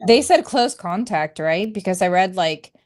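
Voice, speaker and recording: A woman's voice: mid-range voice, lively intonation, moderate pace, darkish tone, no room sound. A woman from the United States, a panelist in a casual political debate, explaining her view earnestly with many fillers.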